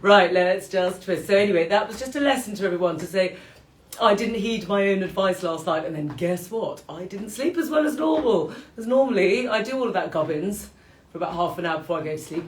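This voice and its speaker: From an echoey home room shared with her dogs, a British qigong teacher hosts her live-streamed morning class in a fairly low voice. Her chat is casual and self-deprecating, punctuated by frequent laughter.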